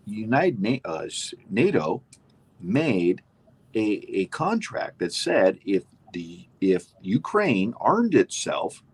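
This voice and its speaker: A man's voice: on the low side, slightly rough. A man co-hosting a casual political chat show, emphatic and opinionated, rambling with restarts. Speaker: co-host.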